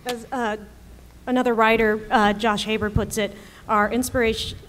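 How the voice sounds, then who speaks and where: Woman, writer on a panel, slightly high voice, chatty, laughs a lot. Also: little pitch movement, moderate pace, a bit bright, a little hiss or hum. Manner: chatty, laughs often mid-story. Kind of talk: panel discussion. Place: convention panel room.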